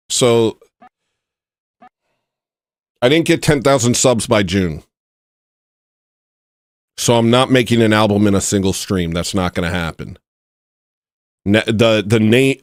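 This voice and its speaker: A man's voice: mid-range voice, no echo, studio quality. A man hosting a casual livestream chat, rambling and joking at his own expense. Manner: rambling, joking, self-mocking. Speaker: livestream host.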